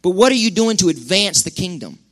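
A man preaches to his church in a relaxed, conversational way. His voice sits a little high, and he swings from loud, pressing bursts to hushed, quiet lines. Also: fairly quick. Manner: impassioned, conversational preaching with sudden loud peaks and hushed drops. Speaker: pastor. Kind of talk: sermon. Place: church sanctuary.

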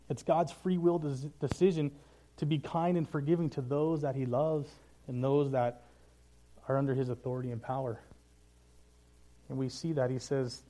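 A man leading a Bible study, preaching in a casual, self-deprecating, storytelling way that turns quiet and earnest. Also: fairly high pitch. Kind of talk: casual sermon.

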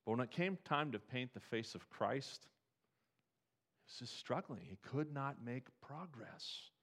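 A man preaching a sermon, telling stories and moving between quiet, reflective passages and loud, emphatic ones. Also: mid-range voice, animated, measured pace. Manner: storytelling, swings from quiet to emphatic.

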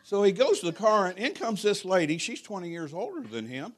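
A middle-aged man preaches in a fairly high voice. He tells stories in a folksy, humorous, animated way, speaking as the pastor of his church. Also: brisk. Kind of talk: sermon with storytelling.

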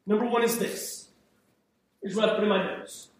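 Preaching in a high-pitched, steady voice at normal speed, a male pastor delivers a conversational, emphatic sermon full of repeats and restarts. He's far from the mic, and the hall echoes.

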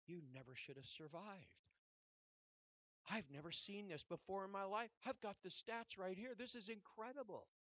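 A tearful, kind nurse speaking gently and earnestly, as a preacher acts her out in his sermon. The voice is bright and forceful, with a dry, slightly dull sound. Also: mid-range voice, very animated, unhurried, gravelly, slightly rough, no echo, full character voice.

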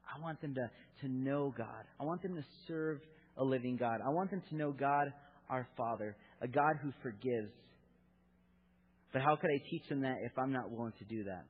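Guy in his 30s preaching, husky voice, earnest and open, sounds like a thin lo-fi recording. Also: medium pitch, moderate pace. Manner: earnest, candid storytelling. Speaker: preacher at a church gathering for fathers. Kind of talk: sermon. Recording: tinny phone-like lo-fi recording.

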